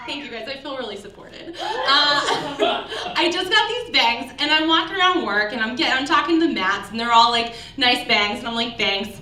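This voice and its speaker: Woman in her 30s, stand-up comic, high bright voice with big swoops, roomy club sound from a distance. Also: sing-song, normal speed, slight background noise. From Southern US. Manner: chatty, self-deprecating, laughs at her own lines. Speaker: stand-up comedian. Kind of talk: stand-up set. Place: small comedy club before a live audience. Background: audience laughter.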